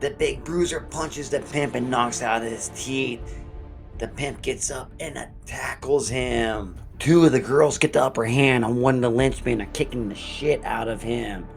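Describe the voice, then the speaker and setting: A man's voice: mid-range voice, normal speed, gravelly, faint music behind. A man hosting a horror review show, recapping an episode in a casual, profane storytelling way.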